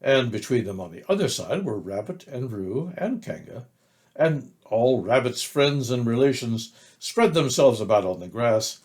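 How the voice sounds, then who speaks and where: An older man reading a children's book aloud, narrating slowly and gently. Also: medium pitch. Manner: slow, gentle, expressive narration. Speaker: storyteller.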